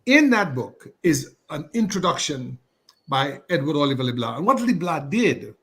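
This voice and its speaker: A man, a guest on a radio talk show who reminisces in a scholarly, digressive and measured way. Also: fairly high pitch, big pitch swings, a bit bright. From Dominica. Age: 60s.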